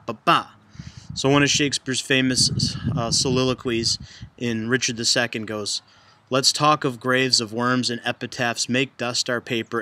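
A man teaching a recorded class lesson in a casual, explaining way, slowing down to read verse aloud. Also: mid-range voice, sharp tone.

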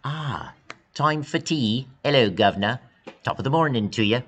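A male teacher talking to his students in an upbeat, encouraging way in an online class video. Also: a bit bright. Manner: upbeat, encouraging, with big pitch jumps.

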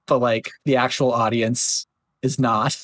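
A man's voice: medium pitch, little pitch movement, unhurried, a bit bright, no room sound. A man hosting a casual podcast chat, talking loosely with lots of fillers and slipping into mocking voices. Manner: chatty, filler-heavy, slips into mocking voices. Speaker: podcast host.

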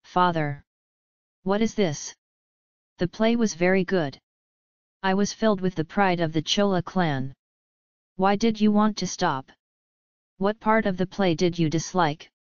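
A woman's voice: fairly low pitch, a little slow, long pauses, clear, resonant tone, no room sound, close to an everyday voice. A woman voicing a bold, anxious young princess questioning her father in an audiobook, urgent and questioning. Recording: slightly dull lo-fi audio.

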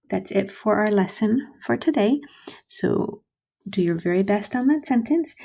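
Woman teacher, patient and slow for young children; warm, slightly gravelly voice. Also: on the low side. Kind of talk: recorded early-grade writing lesson.

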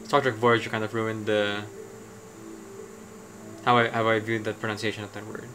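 A man's voice: fairly low pitch, little pitch movement, normal speed, noisy background. Rambling man streaming a game. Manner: rambling, thinks aloud with many ums. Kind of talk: casual gameplay commentary.

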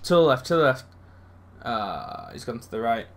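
Excitable, sweary young man. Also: medium pitch, moderate pace, slight background noise. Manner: excitable, sweary, swings from mutters to outbursts. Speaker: gaming YouTuber. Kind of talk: live game commentary.

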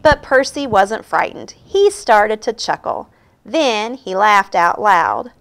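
Slow, expressive woman reading aloud. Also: medium pitch, creaky. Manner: slow, expressive, sing-song. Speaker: storybook reader. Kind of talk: children's read-aloud.

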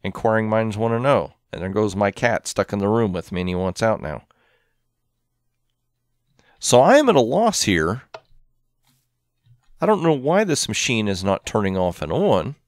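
Man, low voice, lively swings in tone, dry close desk mic at home; casual game host who muses aloud and counts under his breath. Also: normal speed, pauses often, dry recording. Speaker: gameplay channel host. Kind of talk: casual gameplay commentary. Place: home room with his cat.

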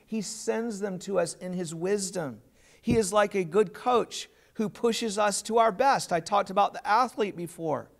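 A man's voice: high-pitched, vocal fry. A man preaching a sermon as pastor, earnest and plain, putting questions to his congregation.

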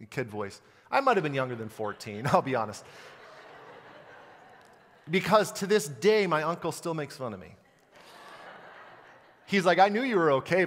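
Young pastor from Montana, lively sermon delivery, talks right to the crowd, church hall reverb. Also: male voice, on the high side. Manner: animated, talks to the congregation and asks them questions. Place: church sanctuary.

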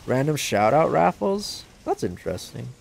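A man casually commenting on a game livestream and reading chat aloud, joking at his own expense and yelping out loud during play. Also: normal speed, vocal fry. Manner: excitable, bursts into high yelps during play; self-deprecating, joking. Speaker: gaming livestreamer.

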